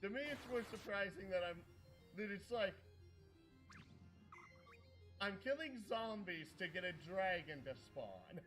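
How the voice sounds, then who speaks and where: A man's voice: sits high, lively intonation, unhurried, long pauses, fairly bright tone, faint music behind. A man streaming a retro game, chatting in a laid-back way and explaining game mechanics. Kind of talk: casual chat while gaming.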